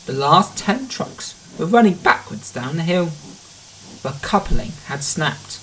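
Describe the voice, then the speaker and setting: A man reading a children's storybook aloud in a gentle, expressive way. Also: on the high side, unhurried, slight background noise.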